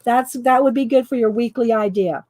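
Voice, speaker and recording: A woman's voice: fairly high pitch, normal speed, a little mellow. A woman with a Southern US accent hosting a casual live stream, chatty and laughing often as she talks to viewers by name. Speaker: channel host reading prompts to live viewers.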